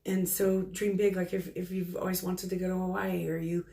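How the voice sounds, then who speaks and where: A woman psychic medium relaying spirit messages off the cuff, halting and full of ums. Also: fairly low pitch, flat delivery, gravelly, dark tone.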